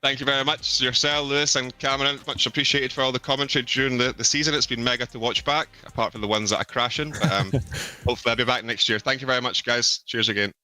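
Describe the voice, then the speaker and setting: A man giving a casual post-race interview as the winning driver, relaxed and rambling with lots of ums. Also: mid-range voice, quick pace, soft background music.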